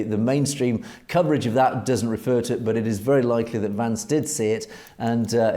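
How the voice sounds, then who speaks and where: A man's voice: medium pitch, dark tone. A man co-hosting a political news commentary show, speaking emphatically with frequent hesitations. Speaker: co-host.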